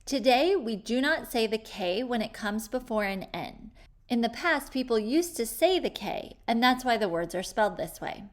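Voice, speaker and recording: A woman teaching a phonics spelling lesson for children, slowly sounding out words with clear, patient explanations. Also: on the high side, expressive.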